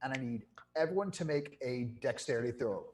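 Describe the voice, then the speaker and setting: A man's voice: mid-range voice, animated, brisk, a little mellow, a little hiss or hum. A man running a tabletop game as game master, in a playful way that laughs easily.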